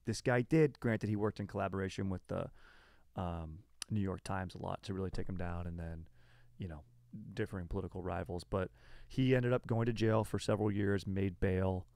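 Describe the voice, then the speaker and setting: Gravelly low-voiced man, laid-back podcast host. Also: steady tone, moderate pace, darkish tone, no echo, studio quality. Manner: laid-back, says "dude" a lot. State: feeling sick. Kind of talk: casual chat.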